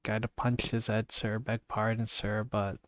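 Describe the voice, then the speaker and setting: A blunt young manservant and former soldier, rattled and rambling as he tells his tale, voiced by a man reading aloud. The voice sits low and stays flat and even, close and dry with no room sound. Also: unhurried, no room sound, close to an everyday voice. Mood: indignant. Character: young male servant, ex-soldier, frightened but blunt.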